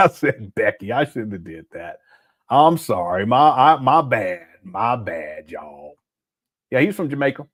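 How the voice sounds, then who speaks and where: A man hosting a live stream in a relaxed, conversational way. He reads viewers' messages aloud and answers them, often thinking out loud. His voice sits at an ordinary middle pitch. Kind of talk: casual commentary live stream.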